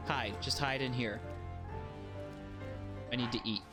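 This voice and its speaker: A man streaming a game while chatting casually, often yelping and shouting at what happens on screen. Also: mid-range voice, a little slow. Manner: animated, yelps and shouts at the game. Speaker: streamer and schoolteacher. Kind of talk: casual live gameplay commentary. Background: game music.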